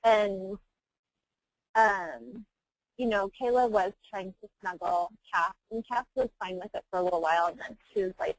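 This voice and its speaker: A woman in her thirties, an adoptive mother, telling her family story candidly in a webinar, animated and laughing often as she acts out quotes. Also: medium pitch, moderate pace, no room sound, poor audio. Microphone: webinar call mic.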